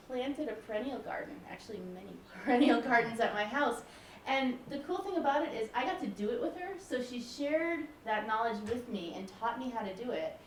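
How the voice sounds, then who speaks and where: A woman's voice: on the high side, slight background noise. A woman in her forties, a music professor, giving a candid, personal public lecture. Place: lecture hall. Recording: roomy hall, mic from a distance.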